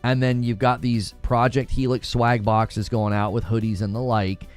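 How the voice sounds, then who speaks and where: A man's voice: mid-range voice, little pitch movement, moderate pace, faint music behind. A man hosting a casual podcast discussion, asking curious questions and often restarting his words. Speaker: podcast host.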